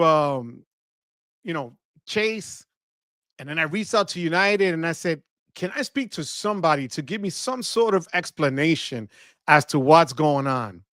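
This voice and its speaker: A chatty man hosts a live stream from his studio, his voice sitting high for a man and a bit off from allergies. He greets viewers by name and drops Spanish words as he goes. The sound is close and dry, with no room around it. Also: fairly bright tone, dry recording. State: voice affected by allergies. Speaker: host of a live credit card show. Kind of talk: casual livestream chat. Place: home studio. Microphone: close studio mic.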